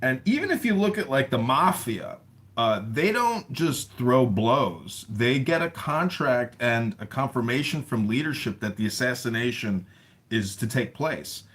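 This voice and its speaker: Lively rambling man telling stories. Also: mid-range voice, measured pace. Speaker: self-described comedian caller. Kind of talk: casual chat on an audio room.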